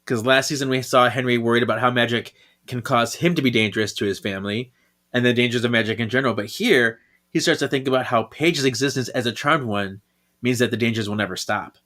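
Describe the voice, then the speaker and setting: A man's voice: medium pitch, quick pace, a bit bright. A man co-hosting a podcast, casually talking through a comic and laughing often. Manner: laughs often, reads dialogue with playful voices. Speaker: podcast co-host.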